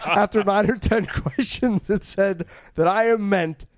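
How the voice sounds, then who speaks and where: A man's voice: high voice, unhurried, no echo, studio quality. A man hosting a podcast in casual chat, teasing his co-hosts and giggling often. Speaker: podcast host.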